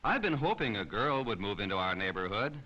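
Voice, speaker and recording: A man's voice: on the low side, big pitch swings, a little fast, pushed and bright, full character voice. A man voicing a friendly, welcoming neighborhood girl in a storybook, with an inviting manner. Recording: slightly dull lo-fi recording.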